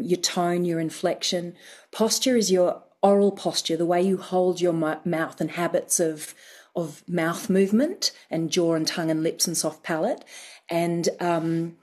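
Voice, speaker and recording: A woman's voice: fairly low pitch, darkish tone. A woman dialect coach explaining methodically in a radio interview, with some ums. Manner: methodical, explaining in lists with fillers.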